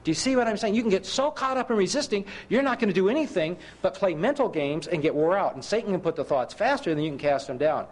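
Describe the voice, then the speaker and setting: A man's voice: sits high, animated, fast talker, few pauses. A middle-aged man preaching a sermon, telling personal stories with self-mocking humor and asking his listeners rhetorical questions.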